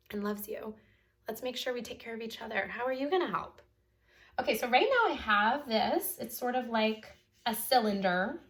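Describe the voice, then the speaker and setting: A woman's voice: fairly high pitch, fairly bright tone. Young woman, art teacher, chatty and encouraging, talks kids through drawing, drifts off topic. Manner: chatty, encouraging, easily sidetracked. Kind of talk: online drawing lesson for kids.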